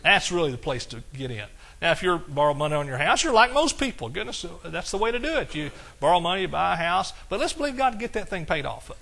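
A man's voice: high voice, animated, fast talker, gravelly, hardly any pauses, fairly bright tone. A middle-aged man with an East Texas accent preaching a sermon in a folksy, exclamatory way, quoting scripture. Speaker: pastor.

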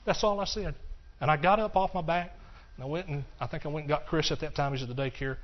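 An older man giving a personal testimony sermon, earnest and repetitive, dropping to hushed stretches and rising into passionate bursts. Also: on the high side, fast talker, a little hiss or hum. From Texas. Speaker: preacher. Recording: dull lo-fi recording.

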